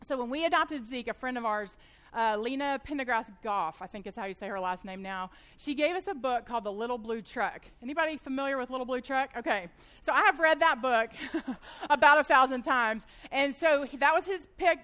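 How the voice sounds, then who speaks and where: High-pitched woman in her thirties, fast and animated, teaching a church group. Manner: fast-talking, animated storyteller. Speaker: women's Bible study teacher. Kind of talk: church teaching talk with personal stories.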